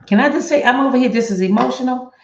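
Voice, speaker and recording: A woman hosting a casual motivational vlog, talking to her viewers in an animated, chatty way. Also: high voice, quick pace. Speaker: host. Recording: echoey room with dull lo-fi sound.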